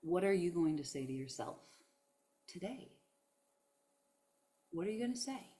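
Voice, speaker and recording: A woman's voice: on the low side, sing-song, moderate pace, warm tone. A woman giving a heartfelt motivational talk on self-love, emphatic and emotional, often saying "y'all". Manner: emphatic, preachy, uses "y'all". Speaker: spiritual self-help speaker.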